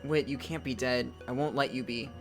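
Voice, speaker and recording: A man reads a text adventure game out loud, now and then bursting into loud, startled exclamations while game music plays in the background. His voice sits at a medium pitch, with fairly even intonation and a normal speaking speed.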